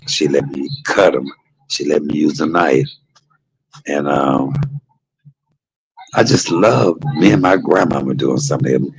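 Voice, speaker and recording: A man's voice: very deep voice, vocal fry, husky, dry recording, poor audio. A middle-aged man hosting a livestream, telling casual stories in a chatty vernacular that drifts from one memory to the next. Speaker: livestream host. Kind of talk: casual storytelling monologue.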